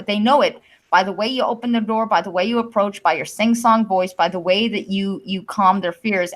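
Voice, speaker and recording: A Canadian woman hosts a live-stream podcast, explaining her views at length in casual talk with casual swearing. Her voice is mid-range, and the recording quality is low.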